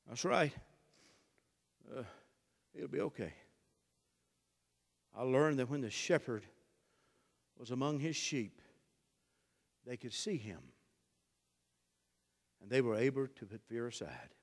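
A middle-aged man preaching a sermon, dropping to a hush and climbing to shouts in a folksy drawl. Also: medium pitch, lively intonation, slow, pauses often, in a large hall. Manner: swings from hushed to shouting, drawling folksy delivery. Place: church.

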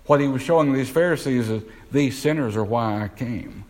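A man preaching a sermon, putting questions to the congregation and slowing down to stress key words. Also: mid-range voice, a little mellow, poor audio.

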